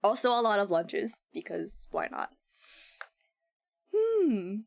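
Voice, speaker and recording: A woman's voice: medium pitch, huge pitch swings, moderate pace, vocal fry. A woman streamer giving playful, giggly gameplay commentary and swearing casually.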